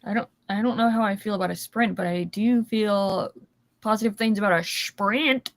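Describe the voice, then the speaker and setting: Friendly woman guest, mid pitch. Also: normal speed, slight background noise. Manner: friendly, laughs easily, stumbles and restarts. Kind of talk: casual chat.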